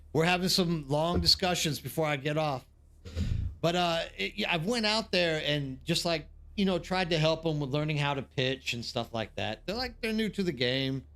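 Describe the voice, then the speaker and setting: A man in his thirties hosts a casual live stream and tells long, rambling stories to his chat. His voice sits a little high for a man. He fills his talk with "like" and often restarts his sentences. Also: fairly bright tone. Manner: rambling anecdotes with many fillers and restarts. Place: living abroad in South Korea.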